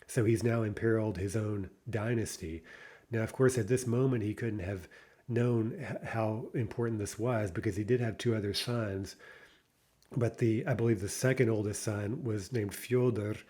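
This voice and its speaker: A man teaching a recorded Russian language lesson, explaining patiently, pausing on "uh", and checking in with "right?". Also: lowish voice, warm tone, breathy edge. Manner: thinks aloud with frequent "uh" pauses.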